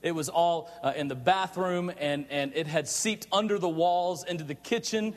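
A man preaching in a chatty, animated storytelling way, often stumbling and repeating words. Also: a little high, moderate pace. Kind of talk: storytelling sermon. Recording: long reverb of a large hall.

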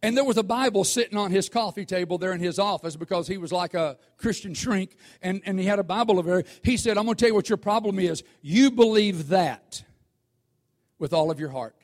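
A man preaching a sermon, talking conversationally to the congregation and swelling into shouts. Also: sits high, fast, hardly any pauses. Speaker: pastor.

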